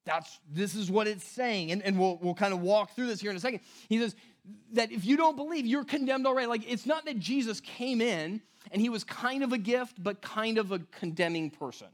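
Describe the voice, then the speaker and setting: A man's voice: high-pitched, brisk. A man preaching a sermon as pastor, casual and conversational, often asking "right?" and acting out the people he quotes. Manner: animated storytelling, acting out quoted voices.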